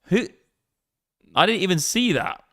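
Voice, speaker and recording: A man's voice: sits high, expressive, a little slow, sharp tone, no room sound, studio quality. A young man hosting a trading livestream, chatting casually and sweary while reading out viewer comments. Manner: brash, sweary banter with a running joke. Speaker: crypto trading livestream host.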